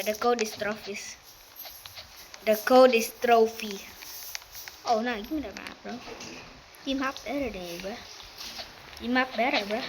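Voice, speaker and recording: A woman giving casual, slangy commentary while playing an online game, excitable and quick to rant. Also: sits high, background noise. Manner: slangy, keeps saying bro.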